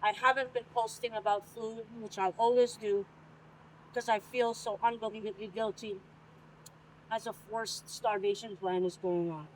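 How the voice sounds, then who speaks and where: A woman's voice: mid-range voice, fairly even intonation, normal speed, a little hiss or hum, low-quality recording. A woman hosting an interview, speaking candidly and earnestly, sometimes while eating. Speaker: interview host. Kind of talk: casual conversational interview. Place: restaurant dining room, indoors.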